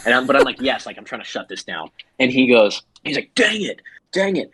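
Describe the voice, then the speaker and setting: A man's voice: medium pitch, quick pace, fairly bright tone, husky, no echo. A man co-hosting a podcast, telling a story casually and animatedly with plenty of laughter. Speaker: podcast co-host.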